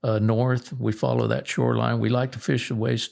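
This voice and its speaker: A middle-aged man, a guest angler, telling fishing stories in a relaxed, rambling way with restarts. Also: medium pitch, fairly quick, creaky. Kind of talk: casual storytelling.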